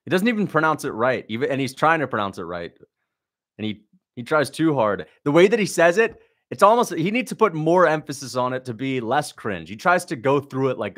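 A man's voice: mid-range voice, expressive, fairly quick, a bit bright. A young man hosting a livestream, chatting casually, blunt and sarcastic as he reads out viewer questions and mocks what he sees. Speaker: livestream host reacting to a fight.

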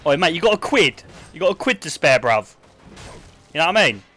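Loud, slangy Cockney lad on the cadge, put on by a man, bright-toned. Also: on the high side, big pitch swings, brisk, voice pushed up, full character voice. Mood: cheeky, cadging. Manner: loud, slangy, mate-and-bruv banter. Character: rowdy broke male London lad begging cash.

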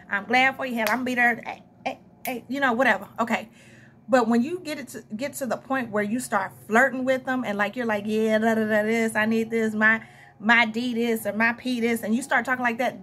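In a Southern US drawl, a young tarot reader chats her way through a casual reading, rambling and breaking off for brief laughs and asides to viewers. Her pushed, bright voice is a touch higher than most, and faint hiss runs beneath the recording.

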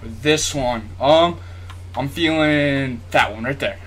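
A YouTube gamer plays a basketball video game while casually commentating, speaking directly to viewers and asking them for likes. He swings between yelps and nervous mumbling. His medium-pitched voice is a bit bright and slow-paced, with a little hiss or hum on the recording.

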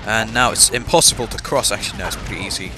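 Fast-talking and fairly low-voiced, a young man from England banters casually as he plays a game, game music behind him. His English accent comes through, he coughs slightly, and his talk is self-mocking and heavy with fillers.

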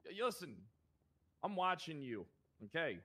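A man's voice: on the high side, big pitch swings, unhurried, pushed and bright. A young man in improvised game roleplay, playing a sheriff with brash, profane, mock-aggressive ranting.

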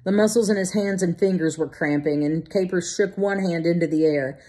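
A woman narrating a novel as an audiobook in a measured, vivid storytelling manner. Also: fairly low pitch, mellow, slightly rough. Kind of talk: scripted narration.

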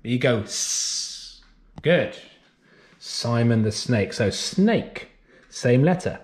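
A man teaches young children their letter sounds, stretching each sound out very slowly. His pitch rises and falls in a lively, sing-song way, the patient cadence of a nursery teacher talking to small children. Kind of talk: phonics lesson for young children. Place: classroom or home, recorded for remote learning.

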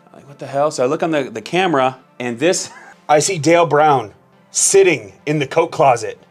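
A man's voice: fairly high pitch, expressive, normal speed, soft background music. A man casually telling a story from his old job to camera, candid and often profane. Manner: candid, profane, laid-back.

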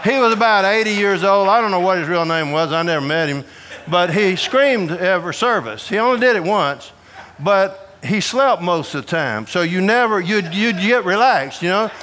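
A man from Georgia, preaching a humorous storytelling sermon to a prison audience in a folksy, animated way. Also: sits high, normal speed, slight background noise. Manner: folksy, animated, acts out voices in his stories.

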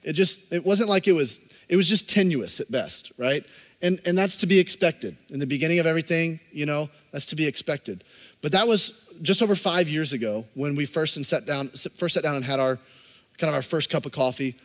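Male pastor, thirties, higher-pitched voice, passionate sermon delivery, long church-hall reverb. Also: brisk. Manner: impassioned preaching that swings from loud emphasis to soft, intimate asides. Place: church sanctuary.

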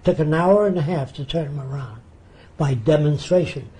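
A man's voice: on the high side, normal speed. An older man being interviewed, telling anecdotes and acting out the voices of the people in them. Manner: animated storyteller acting out quoted voices. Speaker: interviewee, futurist. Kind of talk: anecdotal storytelling.

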